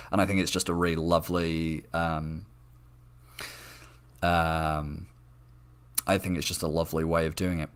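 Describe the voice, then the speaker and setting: A man's voice: deep voice, a bit bright. A man hosting a live discussion show, chatting enthusiastically and reading out viewer comments, with frequent ums and restarts. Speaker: show host.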